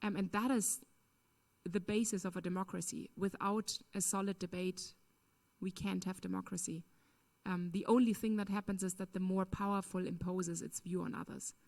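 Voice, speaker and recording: This conference speaker has a mid-range, darkish voice with vocal fry, fairly even intonation and a normal speed. Responding to a question in a lecture Q&A, she is earnest and emphatic. "Um" and "you know" crop up all through her answer.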